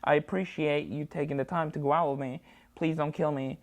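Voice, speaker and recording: Woman, comedian guest, storytelling, lowish voice, acts out both sides, jumpy delivery. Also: fairly even intonation, a little fast, a little mellow. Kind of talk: animated anecdote storytelling. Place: studio.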